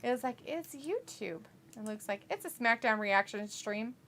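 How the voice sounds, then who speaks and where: A woman hosting a live watch-along stream, reading viewer chat messages aloud with quick laughs in casual talk. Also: a little high, animated, fairly bright tone.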